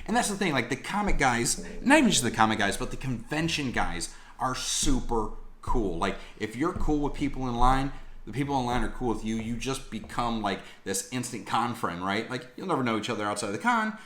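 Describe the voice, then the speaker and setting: Slangy, animated man telling stories. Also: mid-range voice, brisk. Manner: animated, slangy, swears freely. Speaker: collectibles vlogger. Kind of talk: casual storytelling vlog.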